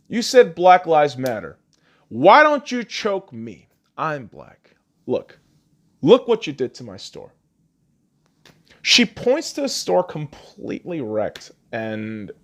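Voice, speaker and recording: A podcast host on an angry, profane rant, swinging between shouting and low muttering. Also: male voice.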